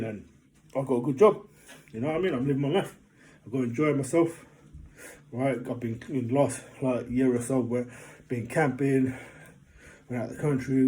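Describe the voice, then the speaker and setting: Man, mellow warm voice, casual rambling motivational talk. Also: medium pitch. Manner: rambling, keeps asking "do you know what I mean"; animated when telling funny stories. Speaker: motivational vlogger.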